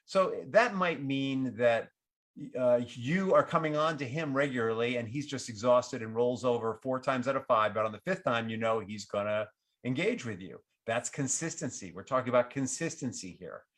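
A man giving relationship advice, acting out what partners might say in a livelier voice. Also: moderate pace. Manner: animated, acts out quoted partners with lifted pitch. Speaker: relationship advisor. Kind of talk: advice talk to camera.

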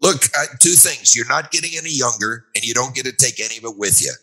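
A man's voice: mid-range voice, fast, bright, forceful tone, low-quality recording. An older man, a guest author, explaining retirement money in an emphatic, storytelling way with repeated refrains. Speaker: guest author on a finance show. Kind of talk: conversational interview, explanatory.

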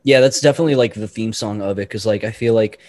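A man with a lowish voice who teaches young children chats casually. He halts and repeats words as he searches for them. The sound is dry and close. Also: quick pace, a little mellow, dry recording. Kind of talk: casual chat.

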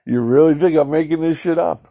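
A man's voice: on the high side, brisk, gravelly, dark tone. A middle-aged man hosts his own solo podcast from a home mic. He rants with profane, exasperated disbelief and often breaks into incredulous laughter. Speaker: podcast host. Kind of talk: ranting solo podcast commentary.

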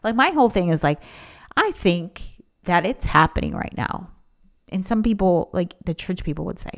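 A woman hosting her own podcast, talking in an emphatic, animated way and acting out the voices of people she quotes. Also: lowish voice, moderate pace. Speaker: podcast host. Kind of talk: casual solo podcast monologue.

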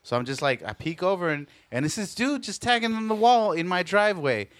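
A man's voice: sits high, very animated, a little fast, fairly bright tone, no echo. A man co-hosting a podcast, telling stories in a blunt, profane way. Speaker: podcast co-host. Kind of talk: casual podcast chat.

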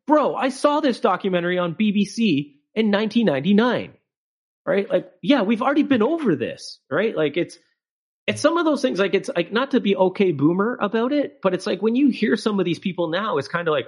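A man's voice: high voice, sing-song, fairly quick, slightly rough. A man co-hosting a podcast, ranting with emphatic, profane opinions and frequent filler words. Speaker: podcast co-host. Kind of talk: casual podcast chat.

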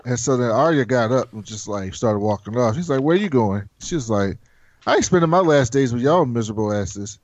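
A man hosting a casual chat, recapping a show in a profane, animated way and acting out the characters' lines. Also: mid-range voice, fairly quick, dry recording, lo-fi sound. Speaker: podcast host.

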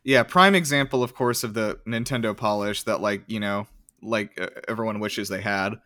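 A man's voice: fairly low pitch, normal speed, pushed and bright, no echo. Casual rambling man, dry close sound. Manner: rambling, filler-heavy, swears casually. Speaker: podcast co-host. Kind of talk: casual chat.

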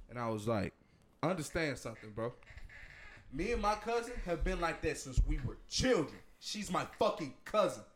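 Loud animated man telling a story. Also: mid-range voice. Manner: loud, animated, bursts of laughter. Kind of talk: casual profane storytelling. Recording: roomy echo.

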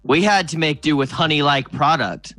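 A man's voice: fairly high pitch, sharp tone. A man playing a tabletop game, teasing the others in a wry way. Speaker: player.

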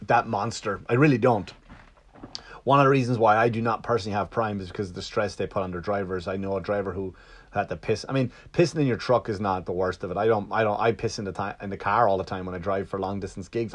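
A man with a fairly low, fairly bright voice tells a long story in a casual, rambling monologue. He swears freely, keeps restarting and acts out the other side's lines.

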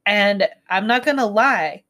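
A woman's voice: medium pitch, lively intonation, bright, forceful tone. Easygoing young woman, casual podcast chat. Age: young adult. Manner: easygoing, quick to laugh. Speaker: podcast co-host.

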